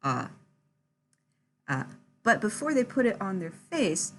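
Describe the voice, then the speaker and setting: A young woman describing her character's actions in a tabletop game, halting with many restarts and fillers. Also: medium pitch, very animated, fairly bright tone. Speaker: player.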